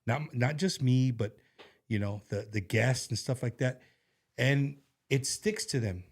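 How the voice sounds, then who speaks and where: A man's voice: medium pitch, a little slow. A man hosting a casual talk show, speaking in a rambling, heartfelt way with many restarts and fillers. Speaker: show host. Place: studio.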